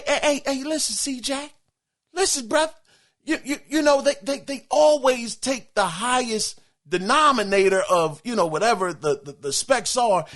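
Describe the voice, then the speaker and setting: A man's voice: very high voice, pushed and bright. A man hosting a podcast, reading a listener email in casual chat, exclaiming, laughing and stammering as he talks. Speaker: podcast host.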